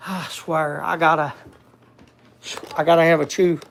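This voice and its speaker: Gravelly high-voiced rambling man. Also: flat delivery, a little slow, pauses often. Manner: rambling, restarts often, talks to his pet and viewers. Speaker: livestream host. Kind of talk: casual livestream chat.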